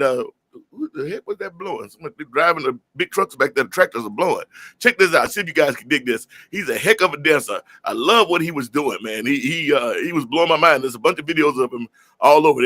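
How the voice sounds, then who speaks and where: A man hosting a live music stream in a relaxed chat, greeting viewers by name and talking in easygoing slang. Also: fairly high pitch, quick pace, no room sound. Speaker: host of a live music show.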